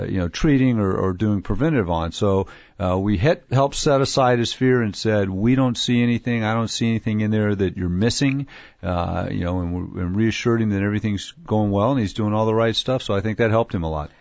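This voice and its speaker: Low-voiced Texan doctor on the radio. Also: male voice, dry recording, muffled recording. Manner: relaxed, explanatory, with frequent fillers. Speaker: physician co-host. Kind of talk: radio health talk.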